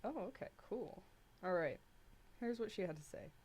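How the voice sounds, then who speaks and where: A woman's voice: mid-range voice, expressive, normal speed, a little mellow, slightly rough. A young woman co-hosting a casual discussion podcast, chatty and upbeat, with frequent "like". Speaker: co-host.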